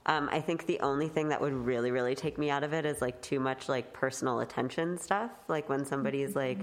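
A woman guest in a casual interview, relaxed, laughing easily, a little unsure. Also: extremely low pitch, fast talker.

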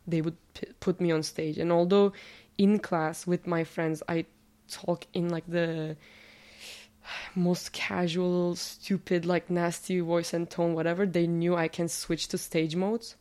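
A woman's voice: on the low side, little pitch movement, a little slow, mellow. A woman from Turkey whose first language is Turkish, answering interview questions in a casual, chatty way, with a slightly nasal voice and many fillers.

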